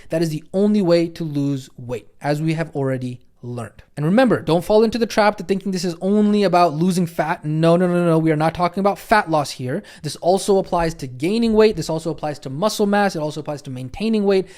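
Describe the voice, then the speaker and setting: A man teaching a recorded online nutrition course as coach, energetic and chatty, often checking in with "okay?" and "right?". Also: a little high. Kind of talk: recorded online training lesson.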